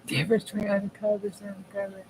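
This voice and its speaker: A woman's voice: medium pitch, monotone, rapid-fire, darkish tone, slight background noise, low-quality recording. A woman hosting a crafting video, chatting in a folksy, homespun way with herself and her viewers as she works. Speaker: crafting channel host. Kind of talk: casual chat while crafting.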